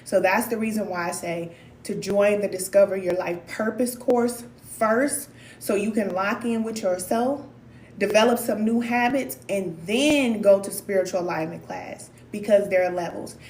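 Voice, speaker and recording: A woman's voice: mid-range voice, moderate pace, a little mellow, roomy sound, a little hiss or hum. A woman from Missouri giving a blunt, emphatic motivational talk as a spiritual life coach.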